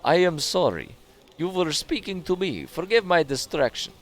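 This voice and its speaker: A man's voice: a little high, sing-song, normal speed, soft background music, pitched above the performer's own voice. A man voicing a proud, worried tribal wife in a video game, reading her lines plainly and earnestly in his own voice.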